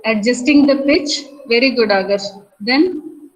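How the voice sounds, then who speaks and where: A woman lecturer with a somewhat high voice walks her class through a lesson. She speaks with frequent fillers and restarts, repeats key points, and stops to ask students questions. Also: measured pace, rough recording. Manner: asks students questions and praises answers. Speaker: college lecturer.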